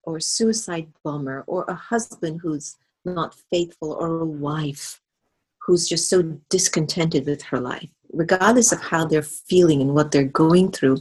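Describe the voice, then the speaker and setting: A woman speaking as a spiritual guest in a conversational interview, earnest and animated. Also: sits low, unhurried, husky, low-quality recording.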